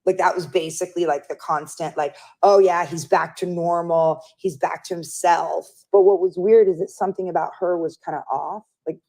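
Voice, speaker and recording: A woman's voice: fairly low pitch, moderate pace, hardly any pauses. A woman giving an interview, telling a story candidly and acting out what other people said. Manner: animated storyteller who acts out others' lines. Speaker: interview guest.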